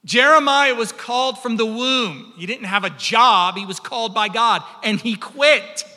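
A man preaching a sermon, impassioned and animated, often repeating words as he builds up. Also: very high-pitched, a little slow, long reverb tail.

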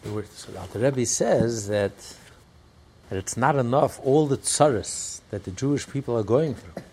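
A man teaching a religious text class, telling stories and breaking into shouts and laughter. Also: medium pitch, animated, moderate pace, husky. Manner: storytelling, bursts into shouts and laughter. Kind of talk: animated Torah class with storytelling.

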